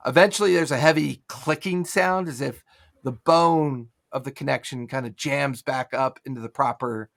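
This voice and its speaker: A man narrating as game master of a tabletop game, enthusiastic and quick to laugh. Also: medium pitch, gravelly, a bit bright.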